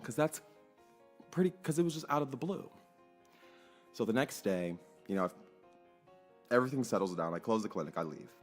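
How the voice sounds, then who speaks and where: A young adult man telling a personal story in a casual, animated way, acting out quoted voices and swearing freely. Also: mid-range voice, fairly quick, long pauses, soft background music.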